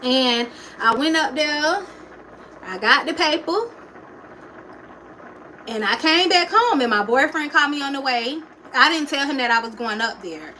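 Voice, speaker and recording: A young woman tells her own story on a livestream in an emotional, chatty way and keeps turning to her viewers. Her voice sits high and rings bright. Faint noise hums under her talk. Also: animated, a little slow, pauses often, low-quality recording. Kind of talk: casual personal storytelling.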